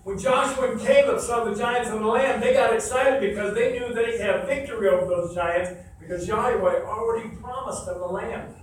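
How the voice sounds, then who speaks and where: High-voiced preacher in an echoey hall. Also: male voice, moderate pace, hardly any pauses. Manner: emphatic, repetitive, quizzes the congregation. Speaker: pastor. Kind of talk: sermon. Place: church sanctuary. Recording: echoey hall from far off, faint noise.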